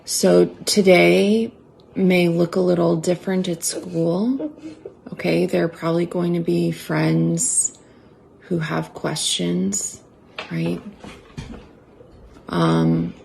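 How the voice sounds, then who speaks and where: A mother talking carefully and reassuringly to her child, with pauses and hesitations. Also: on the low side, steady tone, gravelly, a little mellow, slight background noise, low-quality recording. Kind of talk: gentle talk to her child.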